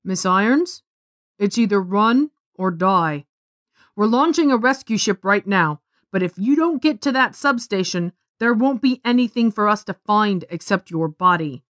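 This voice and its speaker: A woman voicing a stern male station sergeant who gives calm, clipped commands over the radio. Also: mid-range voice, unhurried, no room sound, clean studio sound. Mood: firm.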